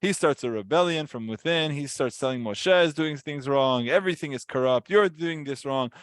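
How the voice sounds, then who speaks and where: A man at mid pitch talks through a weekly Torah portion in a casual, storytelling way. He gets animated and slips into the voices of the people in the story. The sound is dry and close, with no room echo. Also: moderate pace. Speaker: Torah teacher.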